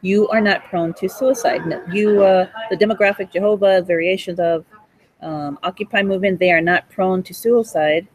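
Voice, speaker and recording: A woman in her forties, speaking at normal speed with a medium-pitched, steady voice, rants through a rambling, accusatory monologue full of profanity and bursts of laughter. She was recorded in a hospital cafe, and the audio quality is poor.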